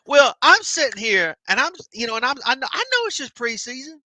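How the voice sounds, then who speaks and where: Animated, high-voiced New man ranting. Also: a little fast, dry recording. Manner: emotional, animated ranting with heavy profanity. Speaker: podcast co-host. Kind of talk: heated casual chat.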